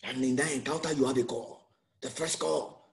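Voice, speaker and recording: A man's voice: medium pitch, steady tone, normal speed, creaky. A man with a Nigerian accent preaching an emphatic sermon as pastor, full of rhetorical questions.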